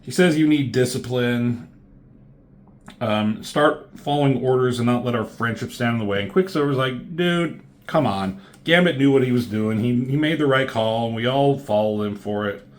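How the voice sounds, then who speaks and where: A man giving a casual, rambling comic book review, swearing freely and filling pauses with "um". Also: medium pitch. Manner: rambling, profane, lots of fillers.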